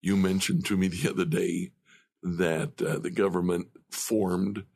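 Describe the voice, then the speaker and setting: Husky, gravelly man on a faith podcast. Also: low voice, flat delivery, unhurried, a little mellow. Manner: laughs often, thoughtful, retells scripture. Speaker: podcast co-host. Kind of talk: casual faith discussion.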